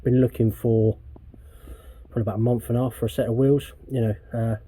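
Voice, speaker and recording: A man's voice: mid-range voice, little pitch movement, brisk, warm tone, breathy edge. An English man vlogging casually while working on his van outdoors, rambling and swearing often in a laid-back way. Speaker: DIY van customizer vlogger.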